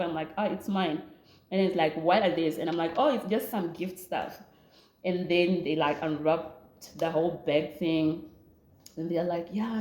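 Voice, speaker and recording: A young Namibian woman with a Namibian accent, telling a lively storytime vlog, laughing often and mixing in local words. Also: on the low side, roomy sound, slight background noise. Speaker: vlogger. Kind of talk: storytime chat.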